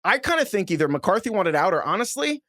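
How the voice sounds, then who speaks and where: A man co-hosting a sports podcast, ranting in an animated, exasperated way with quick restarts. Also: high-pitched, no room sound, studio quality. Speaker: podcast co-host. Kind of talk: casual sports chat.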